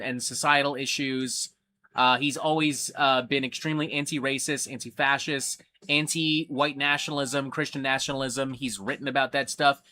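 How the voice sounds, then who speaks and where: Picture a male livestream host with a bright, forceful tone, his voice sitting a little higher than most men's. He talks casually and rants bluntly, cursing freely as he reads out and answers his viewers' questions. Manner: swears a lot and rants bluntly.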